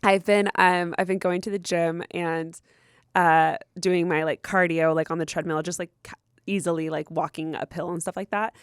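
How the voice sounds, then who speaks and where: A woman's voice: on the low side, steady tone, normal speed, smooth, dry recording. Woman, podcast co-host, casual chat, laughs a lot, dry close sound. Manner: chatty, laughs often, says "like" a lot. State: recovering shoulder fracture.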